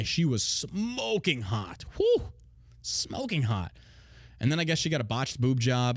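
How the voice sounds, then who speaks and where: A man hosting a podcast, talking in a blunt, heavily profane casual rant with loud, mocking outbursts. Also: medium pitch, no echo, clean studio sound. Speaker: podcast host.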